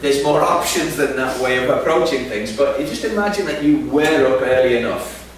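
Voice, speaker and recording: Picked up from afar amid background noise and hall echo, a man delivers a sermon, entertaining a large audience with a self-deprecating, humorous tale. As a preacher, his mid-range voice is expressive and moderately paced.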